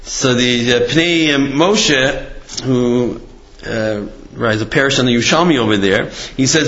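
A man's voice: medium pitch, measured pace, fairly bright tone. Man, Torah class, conversational, many fillers, roomy echo, muffled sound. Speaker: Torah teacher. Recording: roomy, dull-sounding recording.

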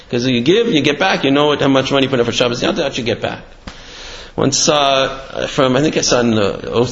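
Man giving a halting Torah class, echoey. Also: mid-range voice, fairly bright tone. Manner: informal, halting, many fillers and restarts. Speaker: Torah teacher. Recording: echoey room, slightly muffled.

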